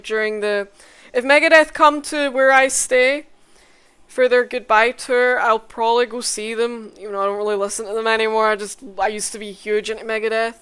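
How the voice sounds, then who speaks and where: A woman making a casual music tier list, swearing often, mumbling asides and bursting into loud excited outbursts. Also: a little high, smooth. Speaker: content creator.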